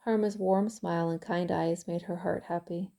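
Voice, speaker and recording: A woman author reading her own novel aloud in calm, even audiobook narration. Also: on the low side, normal speed, creaky.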